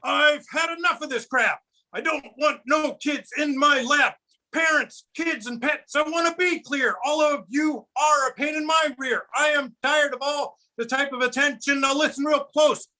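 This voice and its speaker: A man voicing a grumpy old grandpa who is sick of being mistaken for Santa, ranting and singing in a high, bright put-on voice. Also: moderate pace, exaggerated voice, low-quality recording. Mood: cranky. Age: older. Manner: cranky, ranting, sings and shouts. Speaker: puppeteer. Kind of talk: comic puppet song.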